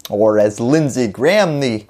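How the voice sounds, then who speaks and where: A woman's voice: extremely low pitch, animated, unhurried, darkish tone. A woman hosting a scripted political explainer, delivering it with wry, jokey asides.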